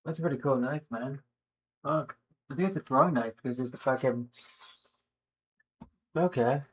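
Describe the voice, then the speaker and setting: A man's voice: medium pitch, normal speed, slight background noise. A man chatting casually while gaming on a stream, swearing a lot and calling people dude. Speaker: gamer on a stream.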